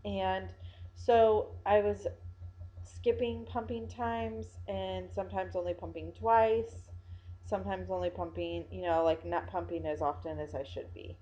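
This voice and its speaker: A woman's voice: medium pitch, steady tone, a little slow, mellow, lo-fi sound. A tired young woman vlogging casually, rambling with many fillers and restarts. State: yawning, tired. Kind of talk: casual personal vlog.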